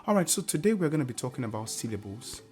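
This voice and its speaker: A man's voice: mid-range voice, very animated, fast talker, heavy background noise. A man hosting a casual online language lesson, patiently repeating example words and singing tone syllables. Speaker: language teacher and channel host.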